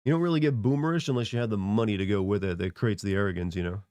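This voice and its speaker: A man's voice: lowish voice, rapid-fire, darkish tone, dry recording, clean studio sound. A congested man streaming, rambling casually as he answers chat. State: congested from a cold.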